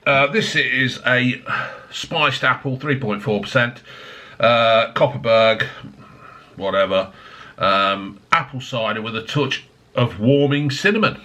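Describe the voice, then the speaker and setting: A middle-aged man sits at his home desk reviewing drinks for a casual vlog, rambling and swearing as he goes. His mid-range voice is slow, with a sharp tone.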